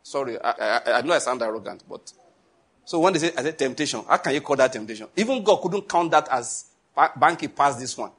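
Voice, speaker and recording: Husky preacher telling stories. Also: male voice, medium pitch, lively intonation, quick pace. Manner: storytelling preacher, acting out dialogue, laughing at his own stories. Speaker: pastor. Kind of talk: sermon.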